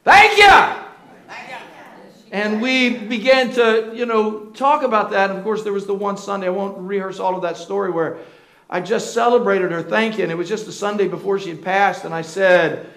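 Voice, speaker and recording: A male pastor with a high voice delivers a sermon in a church sanctuary, the sound ringing around a roomy hall. He prods the congregation for call-and-response, sometimes drawing words out at full volume, then dropping to a near-hushed tone. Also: steady tone. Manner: swings between slow shouted emphasis and soft, breathy asides.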